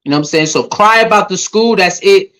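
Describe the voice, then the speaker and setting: A man hosting a casual commentary rant, animated and mocking his critics with put-on voices. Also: high-pitched, brisk, poor audio. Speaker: commentary channel host.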